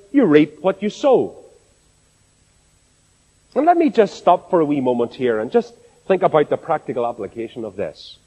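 A man with a Northern Irish accent and a darkish, higher-leaning voice preaches to a congregation in a large hall full of echo. His delivery is expressive and peppered with rhetorical questions.

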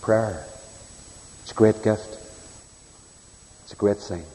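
A man preaching a sermon, telling stories earnestly, swinging between loud emphasis and a soft hush. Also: fairly low pitch, slow. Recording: long hall reverb.

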